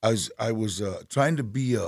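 A man's voice: lowish voice, fairly quick, a little mellow, dry recording, studio quality. A man being interviewed as a guest, telling stories casually, rambling with many restarts and frequent laughs. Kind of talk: casual storytelling.

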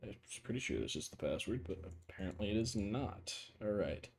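A man's voice: fairly low pitch, a little fast. A man hosting a gaming podcast, chatting casually and telling stories with plenty of swearing. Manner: profane, animated storyteller. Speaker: podcast host.

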